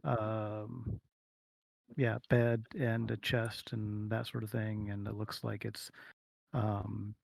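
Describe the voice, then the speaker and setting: A man's voice: lowish voice, flat delivery, slow pace, gravelly, a little mellow, no echo. A man narrating as game master of a streamed tabletop game, rambling with fillers and humming to himself. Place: home streaming setup.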